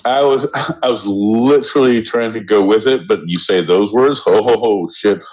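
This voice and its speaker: A man co-hosting a podcast in casual banter, rowdy and joking, often jumping into loud mock voices. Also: on the low side, normal speed, dull audio. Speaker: podcast co-host.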